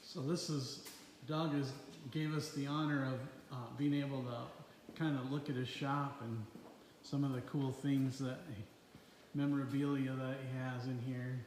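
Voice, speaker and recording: A man's voice: mid-range voice, flat delivery, a little slow, darkish tone, slight background noise. A man hosting a casual interview, upbeat and enthusiastic, often repeating his words as he talks. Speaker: interviewer, event organizer. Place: a shop, indoors. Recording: roomy echoey sound.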